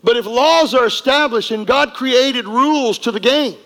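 A pastor's sermon fills a church sanctuary with long hall reverb as he emphatically repeats lines and leads call-and-response. His voice is extremely high and fairly bright, spoken at normal speed.

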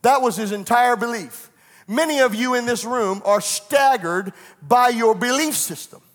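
High-voiced preacher in an echoey hall. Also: male voice, measured pace. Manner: storytelling, rising to fervent preaching. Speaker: pastor. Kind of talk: sermon. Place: church sanctuary.

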